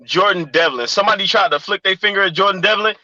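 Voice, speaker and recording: A man's voice: high voice, quick pace, sharp tone, no room sound. A man co-hosting a podcast in heated casual banter, swearing heavily. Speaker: podcast co-host. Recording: dull, lo-fi dry audio.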